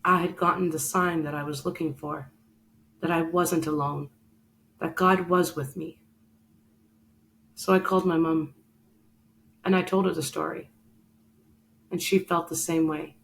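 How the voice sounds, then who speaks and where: A woman's voice: low voice, level tone, a little slow, gravelly, long pauses, a bit bright, a little hiss or hum, low-quality recording. A woman hosting a show, telling a personal story in an earnest, emotional way and speaking straight to the listener. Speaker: podcast host.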